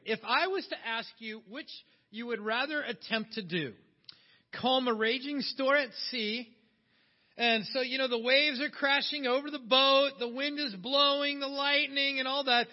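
A man preaching a sermon in a conversational way, putting questions to his listeners. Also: very high-pitched. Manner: conversational, asks the audience questions. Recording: dull sound with long hall reverb.

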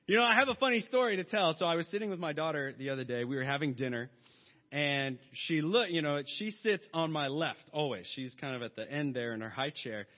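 High-voiced joking pastor in a hall. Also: male voice, a little fast. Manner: joking, lively storytelling. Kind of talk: sermon. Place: church hall. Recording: long hall reverb, dull sound.

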